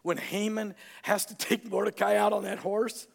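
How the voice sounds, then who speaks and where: A man preaching a sermon, an animated storyteller who acts out the characters. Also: sits high, normal speed, creaky, long reverb tail. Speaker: pastor.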